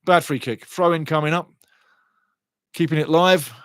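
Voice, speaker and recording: A man's voice: on the high side, normal speed, fairly bright tone, smooth, no echo. A man giving passionate live fan commentary on a match and chatting with viewers between plays. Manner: passionate, gets fired up over fouls. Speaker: watchalong commentator.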